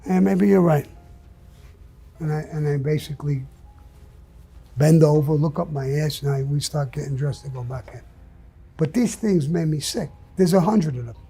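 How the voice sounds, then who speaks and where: A man's voice: a little high, normal speed, long pauses, mellow, faint music behind. An older man telling stories as an interview guest, blunt and profane. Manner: blunt, profane, gravelly storytelling. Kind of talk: storytelling in an interview.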